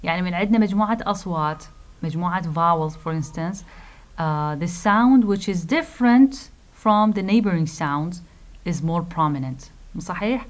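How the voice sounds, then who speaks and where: Slow-paced woman lecturing phonetics. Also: fairly low pitch. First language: Arabic. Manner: explains slowly with fillers, repeats key phrases, switches to Arabic to clarify. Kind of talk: recorded lecture.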